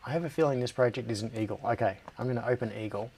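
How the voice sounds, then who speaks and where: A man's voice: medium pitch, very fast, a little mellow, husky. A middle-aged Australian man hosting a casual live stream, thinking aloud, distracted and laughing often. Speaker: livestream host. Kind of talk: casual live-stream chat while working.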